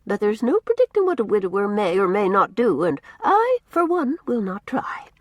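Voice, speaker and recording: A woman's voice: mid-range voice, wildly swooping pitch, normal speed, no echo. A woman voicing a prim, pious older housekeeper who speaks formally and sounds easily shocked. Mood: solemn.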